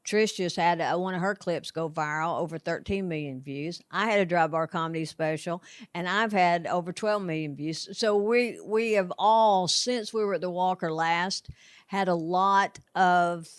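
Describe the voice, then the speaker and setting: A woman comedian chatting as an interview guest, enthusiastic and a little halting. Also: fairly low pitch, clear, resonant tone, no echo, clean studio sound. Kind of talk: casual interview chat.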